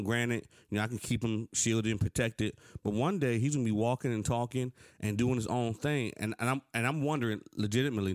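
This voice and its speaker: A man in his thirties speaks in a fairly low voice, earnest and conversational. He tells personal stories with animation. The sound is dry and close, with no room echo. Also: clear, resonant tone. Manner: earnest, animated storytelling, rising pitch when frustrated. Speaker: podcast co-host. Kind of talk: casual conversation.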